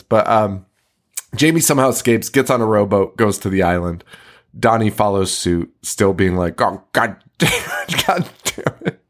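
A man hosting a podcast, recapping a movie in a casual, profane style, laughing often. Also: medium pitch. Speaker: podcast host.

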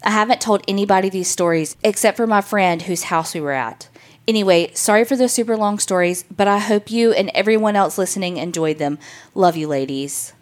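A woman at a middle pitch reads listener ghost stories aloud and chats between them. She swears casually and acts out reactions in jumpy voices. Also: fairly quick. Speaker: podcast co-host.

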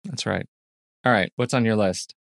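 A man co-hosting a casual movie podcast, talking in quick, dry, joking asides. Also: on the low side, creaky, dry recording. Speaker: podcast co-host.

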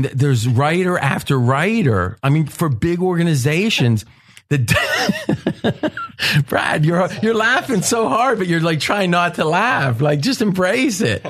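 A man's voice: on the high side, a bit bright. A man leads a casual roundtable talk, and his voice climbs and dips with real animation. He tells his stories at length and keeps breaking into laughter. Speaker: podcast host.

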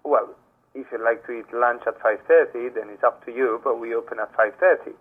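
A man's voice: medium pitch, brisk, breathy edge. A man working at a restaurant, taking a booking and patiently repeating his questions. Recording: tinny phone line.

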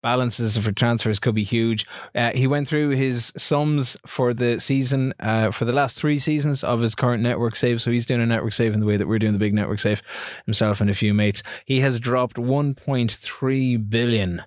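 A man hosting a podcast in casual chat, laughing often and talking in halting restarts. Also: medium pitch, fairly even intonation, no room sound, studio quality. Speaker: podcast host.

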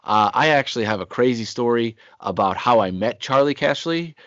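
A man's voice: mid-range voice, animated, normal speed, a bit bright, dry recording, lo-fi sound. Rambling storyteller man on a podcast. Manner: rambling anecdotal storyteller, acts out quotes. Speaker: podcast co-host. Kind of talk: casual storytelling chat.

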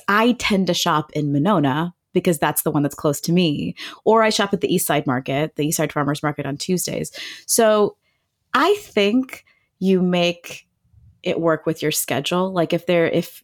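A woman, chatting enthusiastically as a guest about local food, with plenty of fillers. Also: fairly low pitch. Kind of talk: casual chat.

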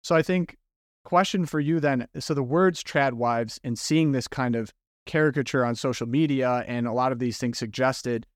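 A man's voice: medium pitch, moderate pace, dry recording, studio quality. A man hosting a casual panel podcast, setting up questions with hesitant starts. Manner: hesitant, restarts, warm framing of questions. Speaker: podcast host.

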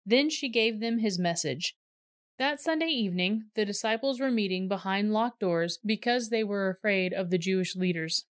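A woman reading a Bible passage aloud in a clear, measured storytelling voice. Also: medium pitch, dry recording, studio quality. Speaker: scripture reader.

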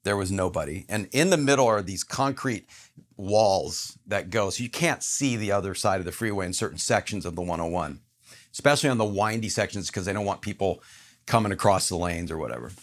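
A man's voice: deep voice, fairly quick. A man telling a personal story as a podcast guest, earnest and emphatic.

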